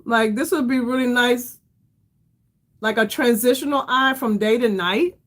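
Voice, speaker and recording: A tired middle-aged woman chats her way through a makeup livestream. Her voice sits on the high side, and she rambles as she talks to her viewers. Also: unhurried, a bit bright. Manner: chatty, addresses viewers as y'all, rambling. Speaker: beauty livestream host. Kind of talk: casual livestream makeup chat.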